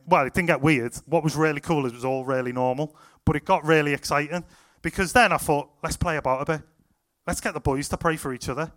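A young man preaching to a youth group, retelling stories with excited, animated quotes. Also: fairly high pitch. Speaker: youth pastor. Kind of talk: sermon storytelling to a youth group.

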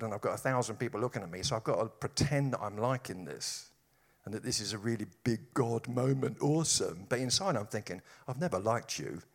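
A man's voice: medium pitch, fairly bright tone. A man from East London with a local accent, preaching a sermon with humorous storytelling and wry jabs. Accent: East London English. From East London, England.

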